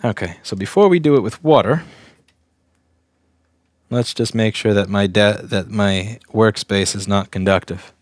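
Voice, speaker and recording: A man's voice: lowish voice, a little slow, no room sound, studio quality. A young adult man from Staten Island, a repair technician casually talking through a bench test on a livestream, thinking aloud, restarting sentences and speaking bluntly. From Staten Island, New York.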